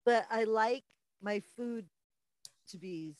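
A woman's voice: on the high side, slow pace, no room sound. A woman guesting on a podcast, chatting emphatically and giggling between remarks. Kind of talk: casual chat.

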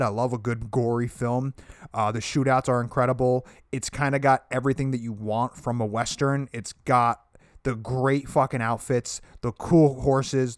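A man's voice: medium pitch, no echo, clean studio sound. A man co-hosting a podcast, chatting casually and enthusiastically about movies, rambling and swearing freely. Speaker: podcast co-host.

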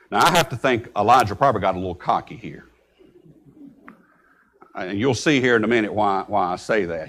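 A man preaching a sermon, breaking into sudden loud outbursts when he quotes scripture. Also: on the low side. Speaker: pastor.

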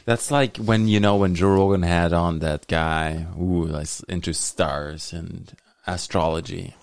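A laid-back man hosting a podcast, talking in a very deep, low voice. He speaks haltingly and often pauses on fillers. The recording is dry and close. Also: fairly even intonation, gravelly, clear, resonant tone, dry recording. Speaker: podcast host. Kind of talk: casual podcast chat.

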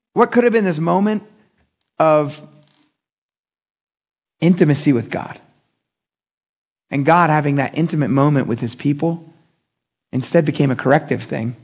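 A young adult man preaching a casual midweek sermon, talking in an animated, conversational way with slang and acting out the voices he quotes. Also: fairly high pitch, breathy edge. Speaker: pastor.

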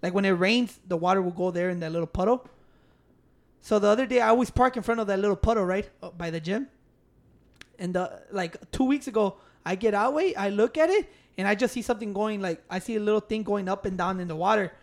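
A man's voice: sits high, fast. A man, telling stories emphatically and swearing freely in a casual chat. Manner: profane, emphatic storytelling. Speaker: podcast co-host.

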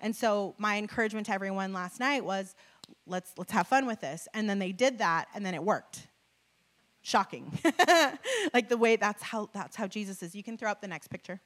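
A woman's voice: medium pitch, normal speed. Chatty woman telling a sermon story. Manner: chatty, lots of filler likes, animated retelling. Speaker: church speaker.

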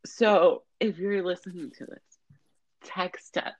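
Excitable young woman podcast co-host. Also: on the low side, slow pace, husky, no room sound, muffled recording. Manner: excitable, gasping, says oh my gosh a lot. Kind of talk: casual chat.

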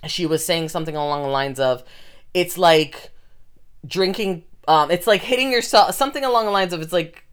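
A low, deep-pitched woman in her thirties holds forth on a podcast. She talks in a loose, chatty way, laughs easily and drifts into little sermons on her topic. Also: moderate pace, clean tone. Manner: chatty, laughs often, slips into preaching. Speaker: podcast co-host. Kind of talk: casual podcast chat.

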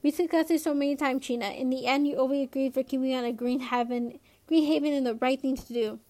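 A woman reading a novel aloud, voicing a tired, patient father in a measured, weary tone. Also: high-pitched, fairly even intonation, mellow, close to an everyday voice.

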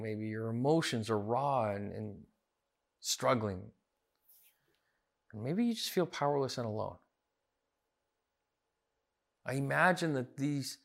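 A man's voice: medium pitch, creaky. A man as pastor preaching a sermon, earnest, building to emphatic repeated phrases. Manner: earnest, rising emphatic repetitions.

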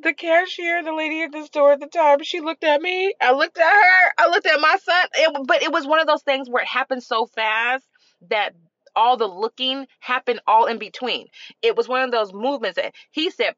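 A middle-aged woman hosting a parenting podcast, telling stories in a casual, animated way with frequent laughter. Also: high voice, normal speed, no echo, lo-fi sound. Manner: animated, expressive, laughs often. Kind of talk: casual storytelling.

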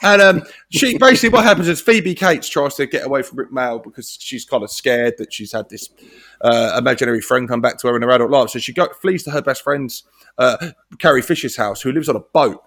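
A man's voice: mid-range voice, fairly quick, fairly bright tone. A man co-hosting a casual film chat, swearing often, laughing, and acting out lines from the film. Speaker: podcast co-host.

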